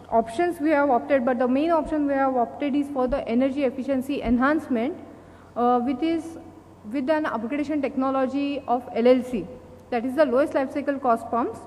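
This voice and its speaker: A woman with an Indian English accent giving a conference presentation, halting often with fillers and restarts. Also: sits high, darkish tone. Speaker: company speaker at an industry event. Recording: long hall reverb, faint noise.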